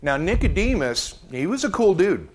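Lively, joking male preacher. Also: high voice, moderate pace, a little hiss or hum. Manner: conversational, humorous asides. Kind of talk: joking Bible teaching.

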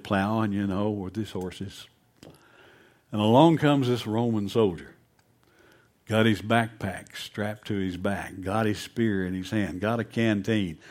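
An animated male preacher delivers a sermon, his voice swinging widely from booming to hushed. He tells his story with energy, dropping low to drive points home. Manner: animated storytelling, drops to a hush for emphasis.

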